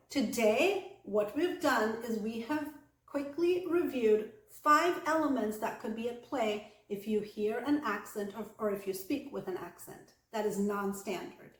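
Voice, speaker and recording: A woman giving an online English pronunciation lesson, speaking clearly and deliberately and slowing down to model example sentences. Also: fairly high pitch, reverberant. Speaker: English accent coach.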